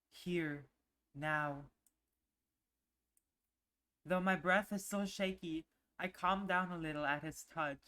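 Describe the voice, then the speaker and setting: Soft-voiced woman streamer reading a visual novel. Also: deep voice. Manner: soft, slow narration with emotional asides. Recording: music playing underneath.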